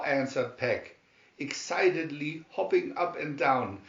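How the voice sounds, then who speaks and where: A man reading a children's storybook aloud in a slow, measured way. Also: a little high. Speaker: storybook reader. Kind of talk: read-aloud storybook narration. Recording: roomy, dull lo-fi sound.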